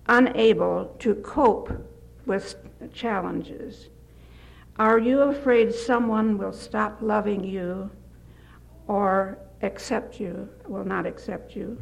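Slow gravelly older woman. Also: medium pitch, lo-fi sound. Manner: gentle storytelling, slips and restarts. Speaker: speaker giving a devotional talk. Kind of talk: folksy devotional talk with anecdotes.

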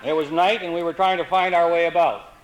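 A man telling comic stories in a dry, wry, deadpan way. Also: fairly high pitch, fairly quick, a faint crowd, slight background noise, low-quality recording. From Canada. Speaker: humorist. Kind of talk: comic storytelling.

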